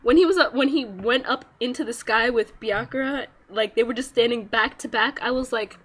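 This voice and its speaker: A woman talking casually to her viewers in an excited fan rant, acting out quotes with big jumps in pitch and sudden squeals. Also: normal speed, few pauses. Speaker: manga fan vlogger.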